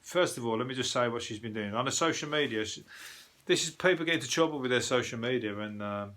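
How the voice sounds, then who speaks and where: A man's voice: mid-range voice, fast, a bit bright. A man hosting a comic news podcast, rambling through tangents, swearing freely and laughing at his own jokes. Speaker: podcast host.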